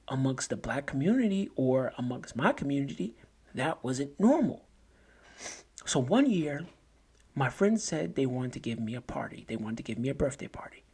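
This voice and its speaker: Male podcast host, husky voice, conversational motivational talk with frequent restarts. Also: on the high side. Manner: conversational, repeats and restarts phrases while telling stories.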